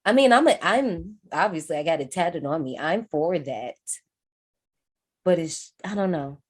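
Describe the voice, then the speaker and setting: A woman's voice: on the low side, animated, a little slow, husky. A woman casually recapping a horror movie on a podcast, swearing freely and acting out the characters' lines. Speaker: podcast co-host.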